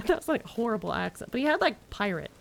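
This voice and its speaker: A woman's voice: on the high side, sing-song, fast talker, gravelly. A woman streamer chatting casually and reading game dialogue aloud with a giggly, playful manner.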